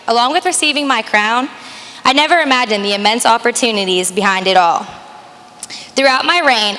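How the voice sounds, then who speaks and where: A young woman reads her farewell speech as the retiring county fair queen, earnest and holding back tears. Her voice is crisp and bright and sits a little high. It carries over a long, echoing public address system. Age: young adult. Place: outdoor fair stage with PA system.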